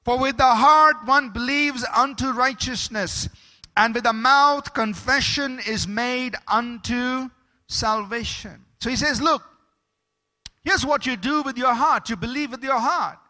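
A man's voice: very high-pitched, unhurried, pushed and bright. A man preaching a sermon as pastor, emphatic, stopping to ask the congregation for amens.

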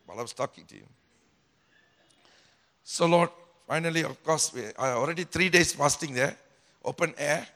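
A man, a pastor, telling a personal story in a sermon in an animated way, swinging between loud and hushed. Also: a little high, normal speed, long pauses. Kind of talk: sermon testimony.

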